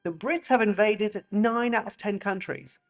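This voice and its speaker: A French-born man with a British accent hosting a comic monologue, animated and jokey with sudden pitch jumps. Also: a little slow, soft background music. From France. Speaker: comedian host.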